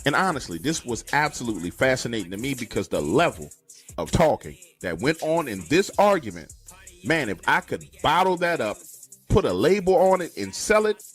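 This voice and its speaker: A man telling a story in a dramatic, animated way and acting out the quotes. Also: medium pitch, normal speed, slightly rough, soft background music. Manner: dramatic, lively, acts out quotes.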